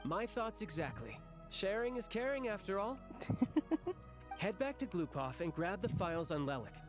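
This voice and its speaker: A man's voice: high voice, very animated, normal speed. A man voicing a cheerful, confident young male villain in a game, breezy and chuckling as he gives orders. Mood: playful. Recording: game voice over faint music.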